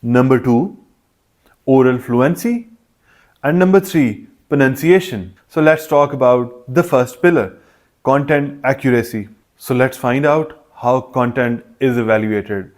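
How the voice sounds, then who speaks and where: A test prep instructor with a mid-range, slightly mellow voice works through exam preparation in a methodical, scripted way, listing points one by one.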